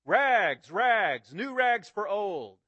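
A man voicing a tall, strong young ragman who calls out through the streets and speaks gently. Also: medium pitch, moderate pace, no echo, lo-fi sound, lightly acted. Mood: calling out. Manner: loud ringing street calls.

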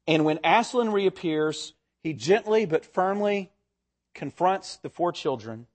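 A male pastor delivering a sermon, with a voice pitched a little high for a man. He is expressive, speeding up and slowing down and lifting his pitch to stress key ideas. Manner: expressive, varies pitch and pace for emphasis.

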